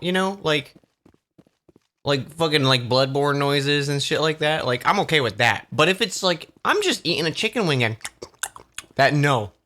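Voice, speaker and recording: A man's voice: fairly high pitch, animated, moderate pace, sharp tone. A young man chatting casually with his viewers while streaming a video game, rambling, repeating words and swearing now and then. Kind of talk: casual live-stream chat while gaming.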